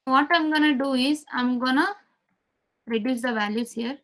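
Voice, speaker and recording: A woman's voice: high-pitched, normal speed, a bit bright. A woman teaching a live programming class, repeating key steps and quizzing her students as she goes. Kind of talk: live coding lesson.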